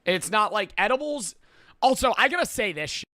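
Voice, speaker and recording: A man in his twenties rambling through profane, lively stories and reactions as a streamer. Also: high voice, brisk, no room sound, clean studio sound. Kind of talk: casual reaction commentary.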